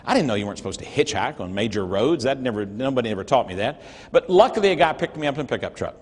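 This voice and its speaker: A man's voice: mid-range voice, very animated, fast talker, breathy edge, big-room sound. A middle-aged man from North Georgia, an earnest, folksy motivational speaker telling a story to a live audience. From North Georgia, USA. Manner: earnest, folksy storyteller with emphatic swings in loudness.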